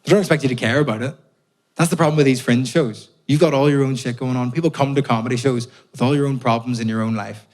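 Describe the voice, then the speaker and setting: A man's voice: medium pitch, steady tone, quick pace, darkish tone. A young Irish man performing a stand-up comedy set, telling stories with punchy asides and swearing. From Ireland. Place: theatre stage before a live audience.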